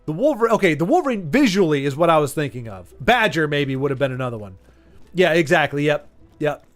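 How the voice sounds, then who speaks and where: A quick-paced man with a fairly high, lively voice talks casually to viewers as he streams a game, faint music behind him. He rambles and stumbles over his words as he goes.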